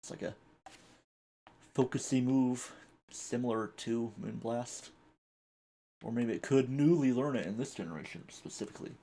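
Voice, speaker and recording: A man commentating his own live game stream. His voice has a gravelly, rough edge and a slightly husky, breathy tone. He wanders from thought to thought, chuckling as he reads on-screen text aloud. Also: medium pitch, normal speed, long pauses, mellow. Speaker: gaming streamer.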